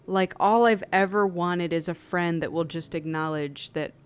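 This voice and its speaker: A tarot reader with a fairly low, clear, resonant voice talks at a moderate pace, giving an intuitive reading in a casual, chatty way. She sprinkles in lots of "like" and acts out the people she quotes in lively voices.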